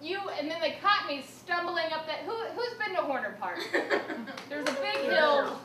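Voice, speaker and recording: A young woman performing a stand-up comedy set in a small venue, telling a self-mocking story with bursts of shouted punchlines. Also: high voice, lively intonation, normal speed. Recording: roomy, distant live recording with faint noise.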